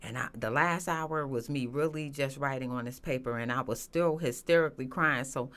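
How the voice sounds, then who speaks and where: A woman telling her personal story as a guest, earnest and halting, with many restarts and fillers. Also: a bass voice, a bit bright, clear, resonant tone. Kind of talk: emotional personal testimony.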